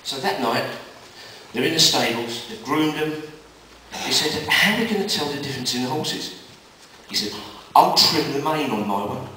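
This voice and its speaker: A man doing stand-up, telling jokes in a brisk storytelling manner and jumping his pitch up for quoted characters. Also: animated, pushed and bright, slight background noise. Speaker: stand-up comedian. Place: live comedy venue. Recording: echoey live room, mic at a distance.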